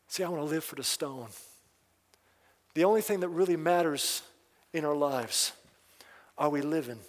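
A man preaching at a prophecy seminar, fervent and emphatic, who often puts questions straight to his listeners. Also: fairly high pitch. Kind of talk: sermon. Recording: long hall reverb.

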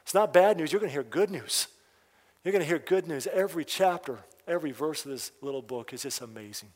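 A man leads a prophecy seminar as a fervent, emphatic preacher who keeps asking his listeners direct questions. His voice sits somewhat high. A long reverb trails each phrase through a large church hall. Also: expressive, fairly quick. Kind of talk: sermon.

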